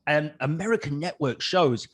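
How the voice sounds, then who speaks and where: A man's voice: a little high, animated, moderate pace, fairly bright tone. A man hosting a podcast, asking long, rambling questions in a casual interview.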